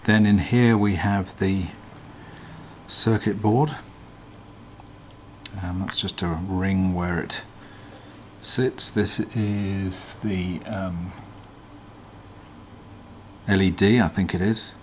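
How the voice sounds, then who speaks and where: A man hosting a casual teardown demonstration, talking in a relaxed, hesitant way with frequent ums as he explains. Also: sits low, drawn-out words, pauses often, slight background noise. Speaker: vlog host.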